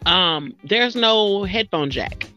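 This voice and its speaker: A woman guest on a podcast, a sex educator, chatting candidly and swearing freely in animated casual talk. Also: mid-range voice, slow, lo-fi sound, soft background music. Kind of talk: casual chat.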